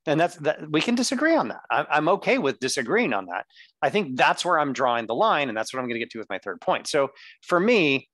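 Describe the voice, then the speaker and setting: A man debating on a podcast, his pitch rising and falling a lot as he builds his case point by point. The sound is dry and close, with no room around it. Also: fast, no room sound. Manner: argues point by point, lively. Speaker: podcast co-host. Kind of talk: casual debate.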